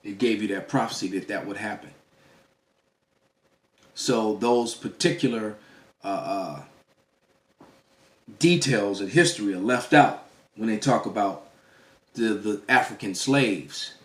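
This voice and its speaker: A man's voice: fairly low pitch, measured pace, pauses often. A man giving an emphatic preaching-style lecture as a religious teacher, often stopping to ask "all right?" and restarting phrases as he goes. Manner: restarts and stammers mid-phrase.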